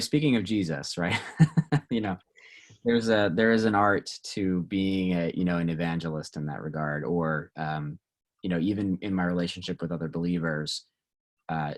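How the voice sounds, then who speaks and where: Man, pastor, very low voice, relaxed group discussion, frequent fillers. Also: normal speed. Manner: relaxed, many fillers and restarts, asks the group questions. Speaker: pastor leading a teen Bible study.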